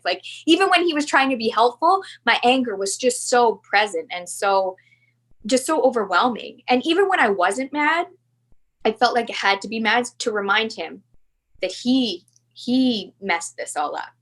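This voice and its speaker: A woman's voice: fairly high pitch, animated, moderate pace, a bit bright. Candid woman sharing a personal story. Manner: earnest, confessional, many "like" fillers. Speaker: guest.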